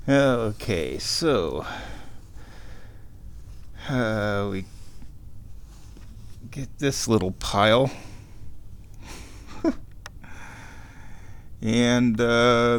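A man talks his way through a home vlog in a slow, unhurried way, his voice rising and falling a lot. He rambles and chuckles at himself as he goes. He is recorded at home in his kitchen. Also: medium pitch, animated. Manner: rambling, self-amused, with frequent chuckles. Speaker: vlogger. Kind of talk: casual home vlog narration.

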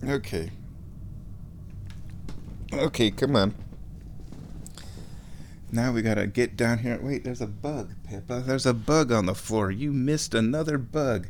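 A man hosting his own show, talking in a relaxed, rambling way while lying down and chuckling often. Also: medium pitch, slow, pauses often, slight background noise. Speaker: solo show host. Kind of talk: casual monologue.

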